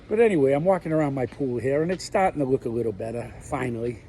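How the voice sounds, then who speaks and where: A man's voice: medium pitch, expressive, fast, dark tone, slight background noise, rough recording. A middle-aged man talking candidly to camera in a rambling personal monologue while he walks around his backyard pool, using plain, blunt words. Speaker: vlogger.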